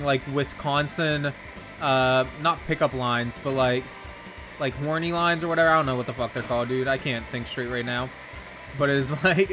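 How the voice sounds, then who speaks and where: A young man streaming a racing game from his bedroom, chatting casually, swearing often and laughing a lot. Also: medium pitch. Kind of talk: casual gameplay commentary.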